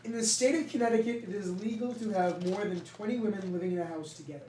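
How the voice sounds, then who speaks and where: A man's voice: high voice, fast, warm tone. Rambling young Boston man, echoey room. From Massachusetts. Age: young adult. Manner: rambling, swears casually. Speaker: podcast co-host. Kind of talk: casual chat. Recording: echoey room, mic at a distance.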